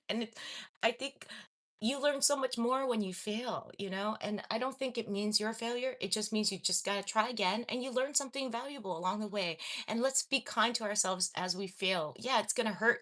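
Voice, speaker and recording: A woman's voice: a little high, fairly bright tone. A young adult woman from Los Angeles chatting casually on a livestream, reading viewer comments and laughing at herself often. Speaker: livestream host.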